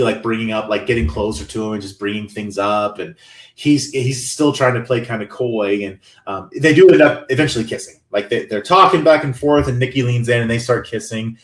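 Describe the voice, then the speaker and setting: A man in his thirties talks through a film scene by scene, slipping into the characters' voices as he goes. His pitch sits in the middle, and the room around him rings with noticeable echo. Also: moderate pace. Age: 30s. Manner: animated storytelling, acting out character lines. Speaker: podcast co-host. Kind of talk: casual podcast chat, movie recap. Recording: roomy echo.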